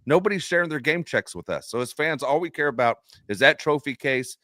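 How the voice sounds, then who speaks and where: A man co-hosting a sports fan podcast, telling animated stories in a casual chat and laughing often. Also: a little high, fairly quick, dry recording, clean studio sound. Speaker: podcast co-host.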